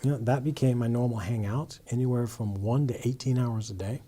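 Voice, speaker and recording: Man, guest in a testimony interview, husky and breathy tone, earnest storytelling. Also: mid-range voice, fairly even intonation, fairly quick, warm tone. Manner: earnest, with frequent restarts and "you know". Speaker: guest telling his conversion story.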